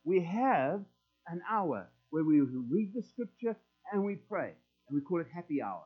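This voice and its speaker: Middle-aged male preacher, high voice, folksy sermon delivery, tinny phone-line sound. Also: sing-song, measured pace, soft background music. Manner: conversational and folksy, acting out prayers in quoted voices.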